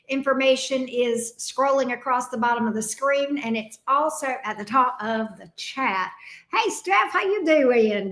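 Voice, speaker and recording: A woman with a Southern US accent chats casually on a live stream, greeting her viewers one by one. Her voice sits high and bright. The room around her has a noticeable echo. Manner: chatty, greets viewers by name. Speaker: tarot reader hosting a live stream.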